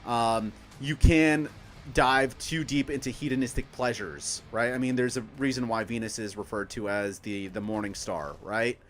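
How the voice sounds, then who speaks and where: A man's voice: mid-range voice, steady tone, moderate pace, a bit bright, a little hiss or hum. A man casually explaining astrology on a stream, rambling with many fillers and restarts. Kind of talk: casual explanatory chat while gaming.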